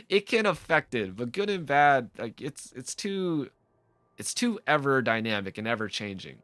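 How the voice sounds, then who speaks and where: A man with a bright, forceful voice rants freely as a gaming video host, swearing and cutting himself off mid-thought. His talk rambles and doubles back as he works through his point. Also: medium pitch, big pitch swings, measured pace, no room sound. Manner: rambling, profane, frequent self-interruptions. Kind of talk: casual off-the-cuff rant to camera.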